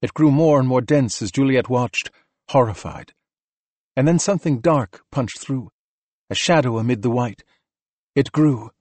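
A man narrating an audiobook in a steady, measured reading voice. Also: mid-range voice, no room sound. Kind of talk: scripted narration.

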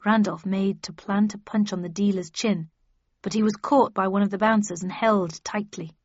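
A woman reading a first-person audiobook with measured, expressive storytelling. The sound is dry with no room echo and slightly muffled. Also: medium pitch. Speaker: audiobook narrator. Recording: dull dry studio recording.

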